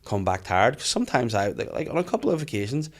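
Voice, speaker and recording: A man, hosting a casual podcast chat, swearing freely and telling animated stories. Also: medium pitch, quick pace. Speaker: podcast host.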